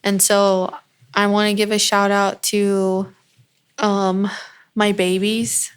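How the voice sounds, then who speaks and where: An earnest woman speaks on a casual podcast, unhurried and from the heart. Her voice is smooth and clear and keeps to a narrow, steady pitch. She lingers on her words as she talks about her children. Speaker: guest, beauty brand founder.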